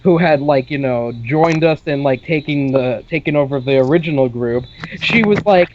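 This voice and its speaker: A man's voice: fairly high pitch, normal speed, highs cut off, background noise. A young man co-hosting a podcast, telling a long story in a rambling way, with lots of "like" and casual swearing. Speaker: podcast co-host.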